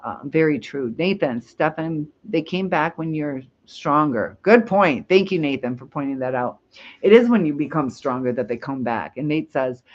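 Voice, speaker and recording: Chatty woman hosting a livestream. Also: sits low. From United States. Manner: chatty, rambling, laughs easily. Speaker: livestream host. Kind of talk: casual live chat, reading comments. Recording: dull lo-fi stream audio.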